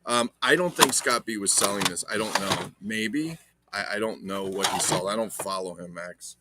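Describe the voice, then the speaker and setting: At a moderate pace and with a voice on the low side, a man who collects toys runs a relaxed unboxing vlog, kidding around with viewers while handling items and adding mock-dramatic asides. Background noise can be heard.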